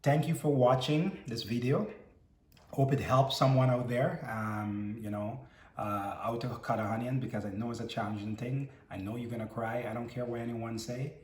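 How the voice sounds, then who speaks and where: A man's voice: mid-range voice, steady tone, normal speed. A man casually teaching a home cooking lesson, chatty and instructive, often checking in with "okay?" and "right?".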